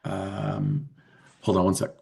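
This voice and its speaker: A man's voice: deep voice, completely flat delivery, slow, vocal fry, mellow. A man teaching a college biology class, explaining in a casual, conversational way with frequent fillers. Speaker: biology instructor. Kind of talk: classroom lecture.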